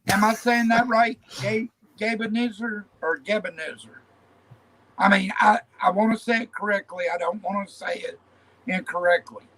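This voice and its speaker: A man's voice: high voice, steady tone, fairly quick, fairly bright tone, rough recording. A man hosting a casual panel chat about his beliefs, blunt and rambling, repeating himself as he talks. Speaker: channel host.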